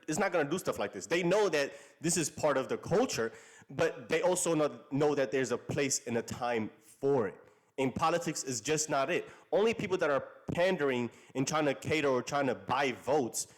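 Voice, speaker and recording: A man hosting a commentary channel, talking emphatically and often repeating himself. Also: mid-range voice. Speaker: channel host. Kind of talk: casual commentary.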